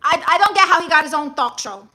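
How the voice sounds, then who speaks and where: A blunt, toxic diva, played by a woman on a comedy livestream. Her voice sits high and cuts bright, and every remark drips with scorn. She peppers her English with Spanish words. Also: expressive, fast. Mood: sassy, scornful. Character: brash toxic woman, blunt, dismissive, self-assured. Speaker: livestream comedy host reading chat and a self-help book. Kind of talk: live-streamed character comedy.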